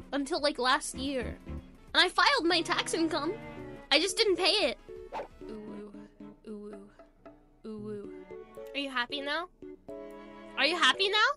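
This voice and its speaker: A young woman streamer chatting casually, brash and playful, swearing and ranting at her chat with sudden shouts. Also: high-pitched.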